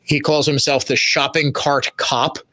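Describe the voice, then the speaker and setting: A man's voice: on the high side, level tone, a little slow, pushed and bright, no echo. A man hosting a radio talk show, delivering an opinionated monologue, emphatic and repeating phrases for stress.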